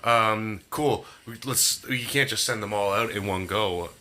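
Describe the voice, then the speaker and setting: A man's voice: fairly low pitch, measured pace, pushed and bright. A man co-hosting a podcast in casual chat, rambling and laughing often. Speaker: podcast co-host.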